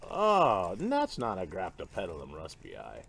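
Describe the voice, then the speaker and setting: A man's voice: sits low, huge pitch swings, measured pace, vocal fry, fairly bright tone, a little hiss or hum. A man casually chatting as a gardening vlogger while unboxing plants, enthusiastic and talkative, sometimes dropping to a whisper.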